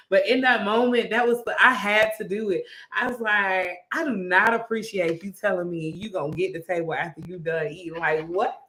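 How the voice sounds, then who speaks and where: A young woman, a restaurant manager, telling a story in casual chat and acting out the quotes in an animated way. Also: medium pitch. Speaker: restaurant manager and podcast co-host. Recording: echoey room.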